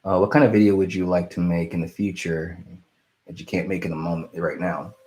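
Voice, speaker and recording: Casually fielding viewer questions on his live stream, a young man rambles along with plenty of fillers and restarts. He talks briskly in a low-pitched voice.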